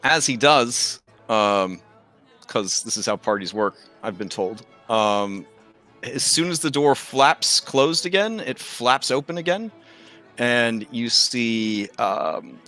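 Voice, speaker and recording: Maître du jeu à la voix claire. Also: male voice, mid-range voice, takes it slowly, sharp tone, faint music behind. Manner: chatty, hesitant, many fillers. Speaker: game master. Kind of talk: narrating a tabletop game.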